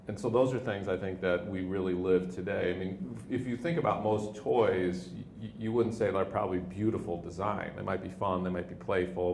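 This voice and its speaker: 50s guy, low voice, easygoing interview storytelling, lots of restarts, echoey room. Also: gravelly. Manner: relaxed, anecdotal, many restarts. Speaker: company leader, interview guest. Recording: echoey room with faint noise.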